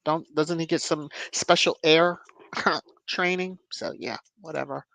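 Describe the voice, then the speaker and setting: A woman's voice: low-pitched, steady tone, a little slow, vocal fry, a bit bright, dry recording. A woman hosting a casual livestream, commenting and reading chat with sassy, chatty asides, humming and laughing often. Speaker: livestream host.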